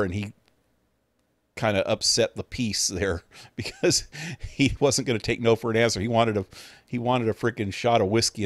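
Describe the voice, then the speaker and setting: A man's voice: on the low side, no room sound. A man streaming a game, chatting casually in a laid-back, rambling way with some swearing. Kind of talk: casual chat.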